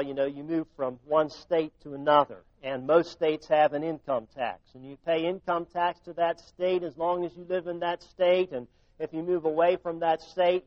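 A man delivers a sermon in a fairly high voice, dropping to quiet, drawn-out phrases before building to loud, emphatic peaks. The sound is dry and close, with a slightly dull, muffled tone. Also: no echo. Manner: dynamic preaching, drops to near-whispers and rises to loud emphasis. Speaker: pastor.

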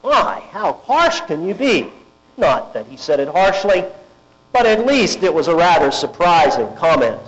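In a high, sing-song voice, a man delivers a sermon deliberately and emphatically, relying heavily on rhetorical questions. The recording sounds dull and lo-fi, with a mains hum running beneath it.

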